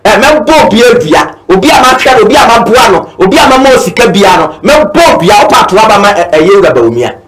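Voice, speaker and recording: High-voiced fervent Ghanaian man. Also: big pitch swings, fast talker, few pauses, a bit bright, low-quality recording. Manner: fervent, repetitive, mixes Twi and English. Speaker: political commentator. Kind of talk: impassioned political talk.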